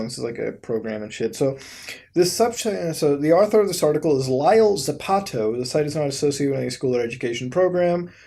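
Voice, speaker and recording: A young man hosting a video, giving casual commentary as he browses websites, swearing, laughing and reacting in disbelief, swinging between mumbles and sudden loud outbursts. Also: medium pitch. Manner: profane, incredulous, laughs often. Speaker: YouTube host.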